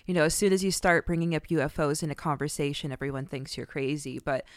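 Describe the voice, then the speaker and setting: A woman's voice: low voice, fast talker, dry recording, studio quality. A woman co-hosting a casual podcast about a film, blunt and swearing freely. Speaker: podcast co-host.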